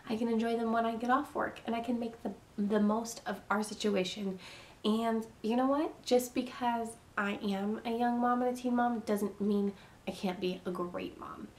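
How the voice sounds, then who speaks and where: A woman's voice: mid-range voice, darkish tone, a little hiss or hum. A young woman vlogging earnest, repetitive, reassuring advice to teen parents in a casual way. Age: young adult.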